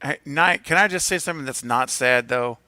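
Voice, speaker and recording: A man's voice: medium pitch, fairly quick, sharp tone, no echo. A man co-hosting a casual livestream chat, joking playfully and laughing often. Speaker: livestream co-host.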